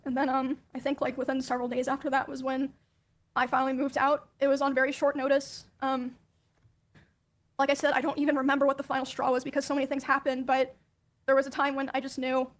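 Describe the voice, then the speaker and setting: A woman with a high voice that barely moves in pitch, telling her own story. She talks softly and hesitantly, with frequent ums and pauses. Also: completely flat delivery. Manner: soft, hesitant, many ums and likes. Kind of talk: recounting personal experiences in a played clip.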